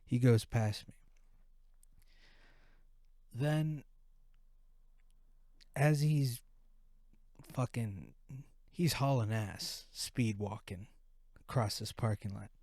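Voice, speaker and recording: A man's voice: medium pitch, very slow, pauses often, darkish tone, no room sound, clean studio sound. A man hosting a podcast who tells a profane, rambling story in a casual way. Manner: profane, rambling, full of restarts. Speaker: podcast host.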